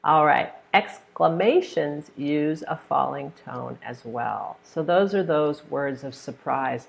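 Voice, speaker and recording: In a hot room, an American woman teaches pronunciation in a live online lesson, patiently demonstrating intonation with examples. She has a deep, creaky voice and speaks slowly with few pauses.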